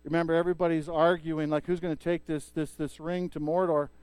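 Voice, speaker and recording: A male pastor preaching a sermon and retelling a story in a lively way, with frequent restarts. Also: a little high, a little fast, clear, resonant tone, dry recording.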